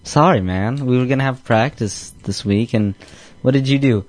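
A man's voice: mid-range voice, normal speed, darkish tone. A young man co-hosting an internet radio show, bantering bluntly and teasing his friend. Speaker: radio co-host. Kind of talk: casual radio chat.

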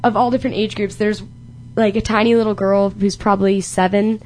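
A woman's voice: mid-range voice, level tone, fairly quick, darkish tone, slight background noise. A young woman hosting a casual chat, telling rambling stories and laughing easily. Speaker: host.

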